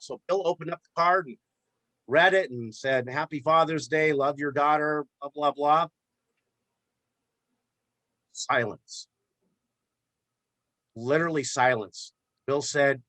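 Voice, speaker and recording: A man who runs a flower shop, telling a story in a relaxed interview with plenty of repeated words. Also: medium pitch, dry recording. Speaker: florist and shop owner. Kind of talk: casual storytelling in a podcast interview.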